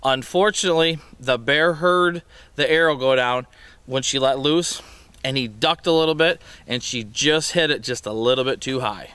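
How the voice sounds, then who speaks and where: A man's voice: mid-range voice, moderate pace, bright, forceful tone, clean tone, no room sound. A man hosting a hunting show, telling the backstory in a matter-of-fact way.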